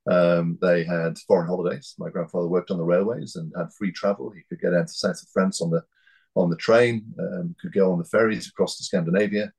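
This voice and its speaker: A man in his fifties from North East England, speaking as an interview guest in a measured, hesitant way with many fillers and restarts. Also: low-pitched, fairly even intonation, vocal fry, darkish tone, breathy edge, rough recording. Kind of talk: reflective interview talk.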